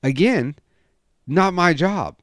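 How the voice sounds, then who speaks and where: A young man on a casual podcast, telling a heated story full of swearing and acting out quoted lines loudly. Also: slow, dry recording, studio quality. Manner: profane, animated storytelling, acts out quotes with loud raised pitch. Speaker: podcast co-host.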